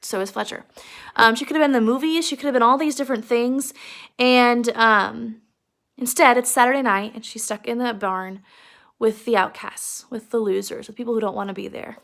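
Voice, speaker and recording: Gravelly-voiced woman teacher, earnest. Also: on the high side, steady tone, moderate pace, fairly bright tone. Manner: earnest, emphatic, with fillers. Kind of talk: casual literature lesson recap.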